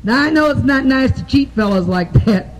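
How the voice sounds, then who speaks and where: High-voiced, foul-mouthed woman comic on stage. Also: lively intonation, noisy background. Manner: profane, rambling joke-teller who laughs at her own punchlines; drawn-out "I said, he said" story delivery. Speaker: stand-up comedian. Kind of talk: live bawdy stand-up storytelling. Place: nightclub stage with a live audience.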